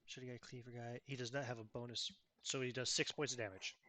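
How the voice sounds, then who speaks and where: A man's voice: medium pitch, little pitch movement, fast talker, pushed and bright. A man narrating as game master of a tabletop horror game, describing actions vividly and stopping now and then to look up rules.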